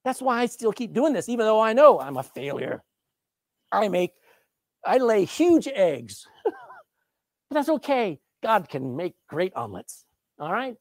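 A pastor preaching a sermon, telling stories and going from soft, low passages to loud, emphatic ones. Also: male voice, very animated, measured pace, pauses often, no echo, clean studio sound.

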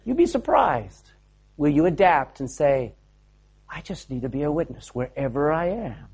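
A man's voice: on the high side, very animated, normal speed, gravelly, darkish tone, slightly rough. A man preaching a sermon to a live audience, fervent and exhorting, calling people to action. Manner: fervent, exhorting, directs volunteers on stage.

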